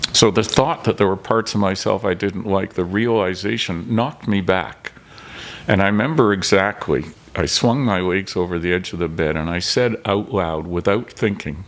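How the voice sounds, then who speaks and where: Low-voiced older man telling a story. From Canada. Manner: animated storyteller, acts out dialogue. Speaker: podcast guest, filmmaker. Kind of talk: storytelling in casual interview.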